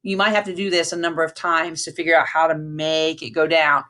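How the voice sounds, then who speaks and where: A woman's voice: low-pitched, flat delivery, a little fast, sharp tone. A woman band teacher giving a patient lesson, counting aloud and demonstrating breaths and mouth shapes.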